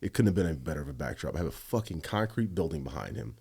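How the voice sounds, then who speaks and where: A man, a former police officer, telling stories on a podcast in a casual, animated way, swearing a lot and acting out what he said at the time. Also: very deep voice, quick pace, breathy edge. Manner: animated, heavy swearing, quotes himself. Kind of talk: casual storytelling.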